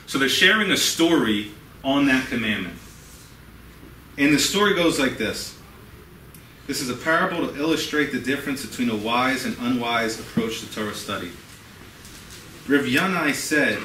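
A man's voice: mid-range voice, expressive, moderate pace, pushed and bright. A man giving an earnest, conversational talk to a class, often checking in with his listeners. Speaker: guest speaker. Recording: echoey room from a distance, faint hiss.

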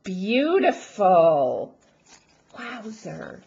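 Woman, crafting vlogger, excited unboxing chat, gasping and gushing, slow and lively, dull lo-fi home recording. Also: mid-range voice, vocal fry. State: feeling unwell. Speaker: crafting vlogger opening a gift package.

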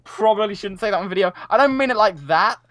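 A man's voice: sits high, quick pace. A young British man joking around in casual chat while playing a video game. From United Kingdom. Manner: playful, joking, excitable. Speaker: gamer.

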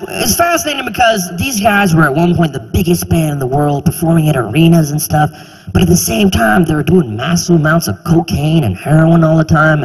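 Young man, stand-up comedy set, high voice, very lively pitch, reverberant theater. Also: breathy edge. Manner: animated, exaggerated acted-out voices.

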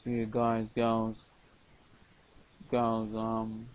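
A man's voice: on the low side, completely flat delivery, drawn-out words, low-quality recording. A man rambling through a late-night video diary, stumbling over words with many repeats and restarts. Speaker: vlogger.

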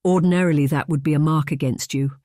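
A man's voice: a little high, steady tone, quick pace, dark tone, dry recording, studio quality, close to an everyday voice. A man voicing a kindly, cheerful middle-aged noblewoman who is letting her governess go, speaking graciously in an audiobook.

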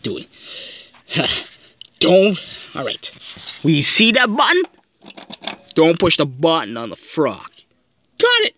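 A woman playing out a toy scene aloud and acting out toy characters, jumping suddenly into squeaky voices. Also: huge pitch swings, slow, pauses often, a bit bright, lo-fi sound, a little hiss or hum.

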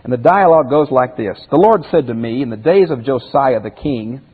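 A man's voice: mid-range voice, animated, normal speed, breathy edge, in a large hall, phone-quality sound. A man teaching a Bible commentary lesson as a pastor in a folksy way, asking his listeners rhetorical questions.

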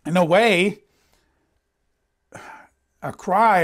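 A man delivers a Bible teaching in a conversational tone, his voice sitting a little high. He reads scripture passages aloud, then comments on them, lifting the quoted lines with extra emphasis. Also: takes it slowly, pauses often. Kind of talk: conversational sermon. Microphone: presenting in front of a board.

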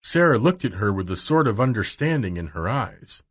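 Male narrator, husky voice, animated storybook reading for learners. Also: fairly low pitch. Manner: slow, clear, expressive.

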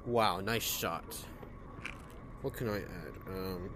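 A man's voice: low voice, takes it slowly, background noise. A man playing a VR cooking game, muttering and reacting sarcastically as he plays. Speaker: gameplay streamer. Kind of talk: casual gameplay commentary.

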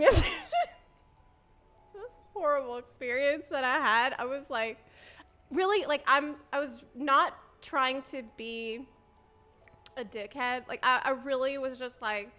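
A high-pitched woman streamer chats through a story in a casual, animated way. She laughs often and acts out the lines people said to her, with faint music playing underneath.

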